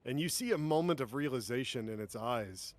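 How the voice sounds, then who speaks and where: A man's voice: mid-range voice, expressive, brisk, no echo. Dry-voiced male game master. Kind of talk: narrating a tabletop game.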